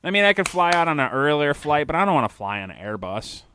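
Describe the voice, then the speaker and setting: A man's voice: on the high side, sing-song, quick pace, pushed and bright, slight background noise. A man co-hosting a podcast, talking in casual crude banter, profane and rambling, poking fun at his own fear of flying. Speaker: podcast co-host.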